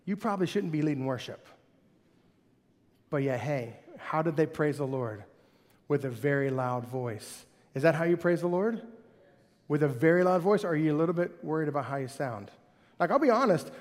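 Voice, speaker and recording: A male pastor preaching a sermon with animated, conversational delivery that swings between loud and soft. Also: high voice, normal speed. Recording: hall reverb.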